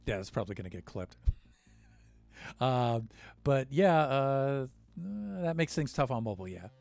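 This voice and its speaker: A man's voice: medium pitch, big pitch swings, unhurried, vocal fry, a little mellow, no echo, soft background music. An American man casually chatting with his stream viewers, rambling with lots of fillers and restarts. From United States.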